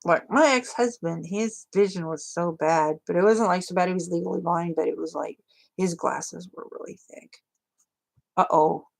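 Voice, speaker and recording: With a lowish, gravelly voice at a normal speed, this crafting livestream host rambles on to her audience. It's relaxed chatter, thick with filler words.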